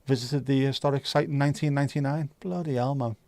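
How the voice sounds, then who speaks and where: A man's voice: medium pitch, fairly even intonation, quick pace, darkish tone, no echo. A man hosting a livestream, chatting casually with viewers and teasing them. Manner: joking, teasing, chatty banter. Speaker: livestream host.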